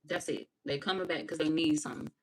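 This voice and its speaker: Brash woman tarot reader, lower voice, cussing and laughing through a live reading. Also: fast talker, a little hiss or hum, low-quality recording. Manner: brash, profane, animated, laughing.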